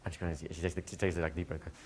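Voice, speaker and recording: A man's voice: low-pitched, little pitch movement, rapid-fire, darkish tone, a little hiss or hum. A man, a hypnosis instructor, answering a student's question in a live workshop, telling stories, laughing and acting out quoted dialogue. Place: training room with students.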